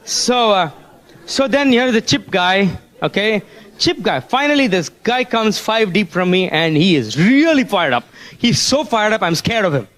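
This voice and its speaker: High-voiced man telling seminar stories. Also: unhurried. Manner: lively storytelling, often asking the audience questions. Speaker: motivational speaker at a business seminar. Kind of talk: motivational seminar talk with anecdotes.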